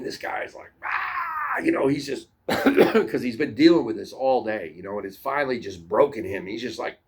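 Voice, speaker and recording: A man's voice: mid-range voice, fairly bright tone, breathy edge. A man casually telling childhood stories in a rambling, profane way, often repeating and restarting his words. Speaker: storyteller. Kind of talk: casual storytelling to camera.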